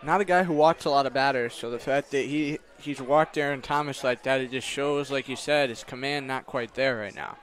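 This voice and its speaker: A man's voice: mid-range voice, a little fast, few pauses, fairly bright tone. Laid-back joking baseball color man. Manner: laid-back, playful asides. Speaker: color commentator. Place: outdoor ballpark broadcast booth.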